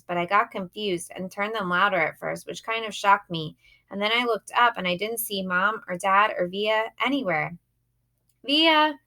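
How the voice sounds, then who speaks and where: An audiobook reader, a woman with a medium-pitched, bright, forceful voice, reads a first-person children's novel aloud. Her narration is plain and youthful in tone.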